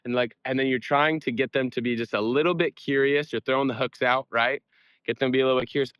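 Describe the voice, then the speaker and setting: A man's voice: mid-range voice, steady tone, fast, a bit bright, smooth, dry recording. Male sales veteran, casual call-in guest, loose "like"-heavy delivery, dry recording. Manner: casual, peppers talk with "like" and "right?"; acts out doorstep exchanges.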